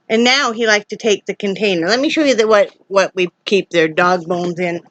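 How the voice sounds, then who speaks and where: A woman's voice: mid-range voice, normal speed, few pauses, fairly bright tone, slight background noise, rough recording. A woman chatting casually to her viewers from home in a rambling, homey way. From Iowa. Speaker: vlogger. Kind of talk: casual chat to camera.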